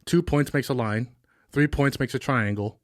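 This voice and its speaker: A man's voice: mid-range voice, normal speed, no echo, studio quality. A man co-hosting a podcast in casual chat, swearing freely and acting out quotes. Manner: swears freely, acts out quotes, laughs often. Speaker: podcast co-host.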